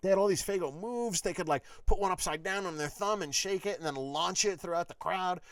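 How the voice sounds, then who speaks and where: A man hosting his own podcast, telling a rambling personal story with lots of swearing and animated asides. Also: sits high, brisk, dry recording. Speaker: podcast host.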